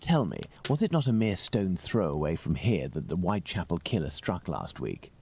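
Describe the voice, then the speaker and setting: An actor playing Sherlock Holmes, a sharp detective who questions people in a measured, pointed way in a video game. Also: male voice, low voice, sing-song, vocal fry, a little hiss or hum, full character voice. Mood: inquiring.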